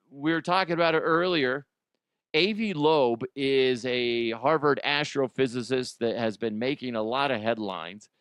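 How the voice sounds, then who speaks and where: A man's voice: medium pitch, a bit bright, clear, resonant tone, no echo, clean studio sound. A man hosting comedic news commentary, rambling, jokey and profane. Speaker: host.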